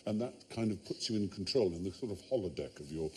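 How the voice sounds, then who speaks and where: A man's voice: sits low, animated, fast talker, darkish tone. A man hosting a comedy quiz panel show in a TV studio, explaining facts in an erudite, wry way. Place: TV studio with audience.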